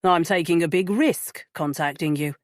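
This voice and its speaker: A woman reading aloud puts on an insistent man calling on the phone, secretive and clipped. His voice sits low in the register and sounds close and dry. He presses his point without letting up. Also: normal speed, no echo, natural voice. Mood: urgent. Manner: sharp and clipped when irritated. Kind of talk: audiobook character voice.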